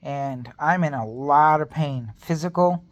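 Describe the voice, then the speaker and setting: A man's voice: a little high, measured pace. Earnest rambling man vlogging his faith. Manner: earnest, rambling, speaks openly of his pain. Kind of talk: personal faith testimony vlog.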